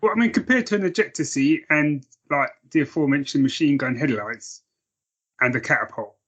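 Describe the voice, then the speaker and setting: A man's voice: a little high, fairly quick, fairly bright tone, lo-fi sound. A man hosting a morning podcast, bantering in a dry, joking way. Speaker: podcast host. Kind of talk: casual chat.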